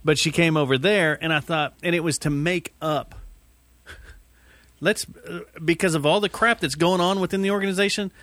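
A man's voice: fairly high pitch, fairly even intonation, normal speed, fairly bright tone, dry recording. A man co-hosting a podcast, chatting casually with dry wisecracks and rambling asides. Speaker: podcast co-host.

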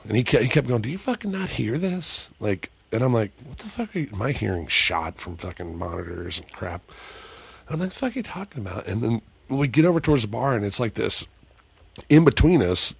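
A man, a paranormal investigator, telling a story as a podcast guest in a loose, profane, animated way, acting out what people said. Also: lowish voice, vocal fry, husky, no room sound. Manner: profane, animated, acts out quoted dialogue.

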